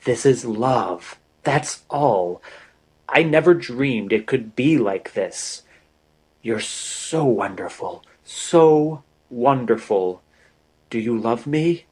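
A man's voice: medium pitch, animated, takes it slowly, darkish tone, slightly rough, poor audio. A man voicing an earnest, lovestruck young man in a romance story. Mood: impassioned. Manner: earnest, impassioned declarations.

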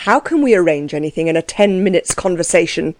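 A woman's voice: on the low side, animated, quick pace, darkish tone, no echo, close to an everyday voice. A woman voicing a proud, indignant prisoner. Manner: earnest and indignant. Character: anxious imprisoned nobleman, proud and indignant.

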